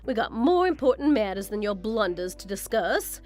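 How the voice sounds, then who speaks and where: A woman's voice: mid-range voice, sing-song, normal speed, darkish tone, soft background music, natural voice. A woman voicing a vain, scornful mother-in-law in a scripted text-story drama, talking down to her daughter-in-law. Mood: dismissive. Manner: condescending, self-admiring.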